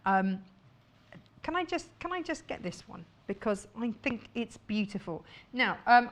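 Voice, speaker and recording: A woman presenting fabrics on a live shopping channel, chatty and jokey, laughing often. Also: medium pitch.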